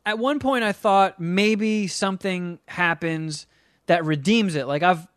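A man's voice: high-pitched, measured pace, fairly bright tone, clear, resonant tone, dry recording, clean studio sound. A man on a podcast ranting about a movie he hated in a casual, profane, exasperated way. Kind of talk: casual comedic movie rant.

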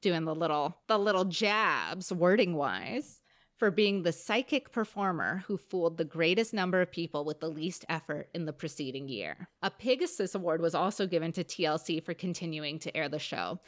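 A woman's voice: lowish voice, moderate pace. A woman co-hosting a podcast in casual chat, reading out research notes between laughs and swearing. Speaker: podcast co-host.

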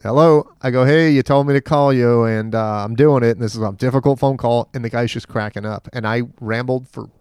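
A man's voice: mid-range voice, steady tone, a little fast, few pauses, darkish tone, smooth, dry recording, clean studio sound. A man co-hosting a casual comedy podcast, telling a rambling story and acting out the people in it. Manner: rambling storyteller, acts out the people in his stories. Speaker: podcast co-host.

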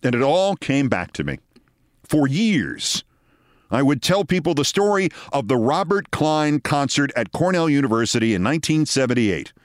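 An older man in his sixties spins a wry, theatrical anecdote as host, his pitch swinging lively up and down. The recording is dry and close, with no room around him. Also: normal speed, no echo. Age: 60s. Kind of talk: personal storytelling.

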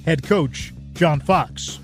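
A man's voice: fairly high pitch, creaky, faint music behind. Man narrating a sports documentary. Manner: measured, even storytelling delivery. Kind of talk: scripted narration.

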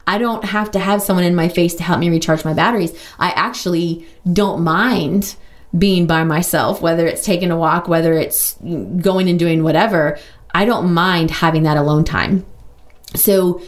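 A woman hosting a podcast, talking openly and casually about her own life, with lots of "like" and quick asides. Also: fairly low pitch. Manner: open, chatty, full of "like" and quick asides. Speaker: podcast host. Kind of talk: candid personal monologue.

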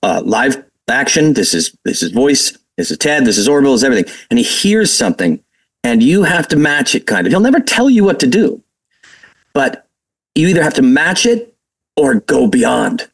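A man from Massachusetts, a guest actor telling animated stories in a casual interview. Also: medium pitch, normal speed, breathy edge, far from the mic, poor audio. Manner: animated, quotes people in their voices, laughs while telling stories.

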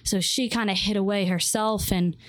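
A woman's voice: medium pitch, fairly even intonation, normal speed, no echo. Young woman telling her story, lots of um and you know, dry close sound. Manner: rambling, many fillers and restarts. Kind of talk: personal testimony interview.

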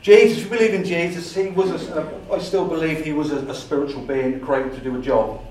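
Englishman at a society meeting, animated storyteller who acts out his own dialogue, heard from far off in an echoey room. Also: a little high, a little fast. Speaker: paranormal investigator giving a talk.

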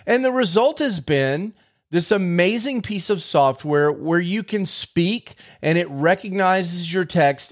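A man hosting a podcast, explaining editing software in a casual, conversational monologue with wry asides. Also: on the high side. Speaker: podcast host.

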